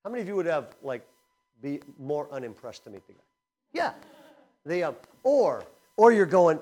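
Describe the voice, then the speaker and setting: A man preaching a sermon in a conversational style, energetic and swinging between loud emphasis and quiet asides. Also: fairly high pitch, quick pace. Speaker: speaker at a camp teaching session.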